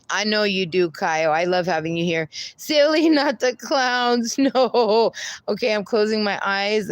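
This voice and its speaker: Slow-talking woman reading her livestream chat. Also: lowish voice, smooth, no echo. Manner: laughs often, reads viewer comments aloud, playful and silly.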